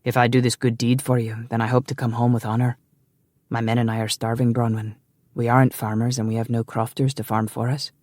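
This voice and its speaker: A man voicing a proud, scheming Scottish man who speaks low, heavily and with a sneer. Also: level tone, a little fast, darkish tone, dry recording, natural voice. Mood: heavy.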